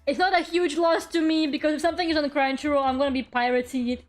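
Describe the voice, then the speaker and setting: A fast-talking woman with a high-pitched, steady voice streams from her room at home as faint music plays. Her casual chat rambles along, with the odd swear word and remarks to her viewers.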